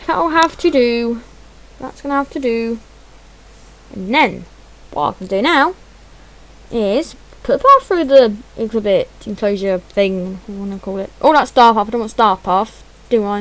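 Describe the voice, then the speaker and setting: A gaming channel host with a fairly high voice gives chatty, self-deprecating commentary on her gameplay, muttering to herself as she fumbles through menus. The recording quality is low.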